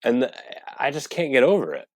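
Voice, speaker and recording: A man's voice: medium pitch, sing-song, fairly quick, a little mellow, dry recording, clean studio sound. An American man in a casual podcast chat, incredulous and profane.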